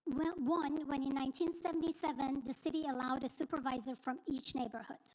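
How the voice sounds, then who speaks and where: Woman resident, high voice, reads a prepared statement at a board meeting and slips on a word now and then. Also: poor audio. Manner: steady, reads from notes, small slips. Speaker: resident at public comment. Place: school board meeting room.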